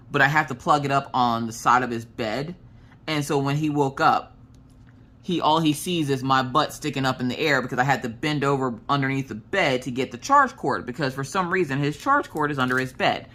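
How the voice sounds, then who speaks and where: A woman vlogger in casual storytime chat, frank and animated as she tells a family story. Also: rumbling low. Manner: animated, frank storyteller who acts out quoted voices. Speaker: crafting vlogger.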